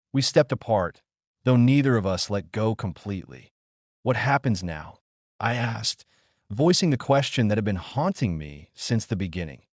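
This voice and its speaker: A man reading a first-person story in a smooth, even, unhurried way. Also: fairly low pitch, no room sound, studio quality.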